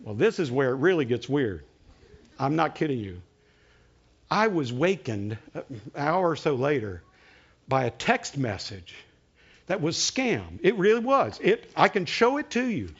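A man preaching a sermon as a story, animated, slowing right down for dramatic retelling. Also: on the high side, slightly rough. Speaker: pastor. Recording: dull lo-fi recording.

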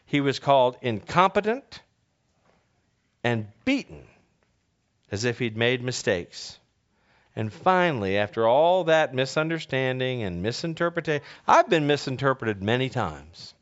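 A man's voice: mid-range voice, very animated, unhurried. A man preaching a conversational sermon, telling a story and asking the listeners rhetorical questions, with frequent restarts. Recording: dull lo-fi recording.

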